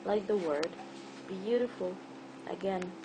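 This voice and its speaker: Slow, patient woman teaching pronunciation. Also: mid-range voice, noisy background. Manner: patient, repeats words slowly, stretches stressed syllables. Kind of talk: spelling and pronunciation lesson.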